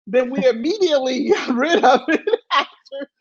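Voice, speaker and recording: A middle-aged woman hosting a casual chat, asking relaxed questions and laughing along. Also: sits high, normal speed, husky. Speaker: host, former tennis player. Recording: slightly dull, muffled audio.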